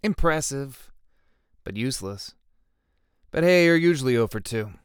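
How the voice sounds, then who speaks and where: A man's voice: mid-range voice, lively intonation, normal speed, clean tone, no room sound, close to an everyday voice. A man playing a dry sarcastic team leader.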